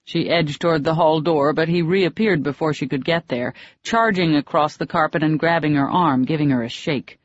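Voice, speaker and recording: An audiobook narrator reading a romance novel in a steady, measured way. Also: mid-range voice, dry recording. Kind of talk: scripted narration. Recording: dry, slightly dull audiobook recording.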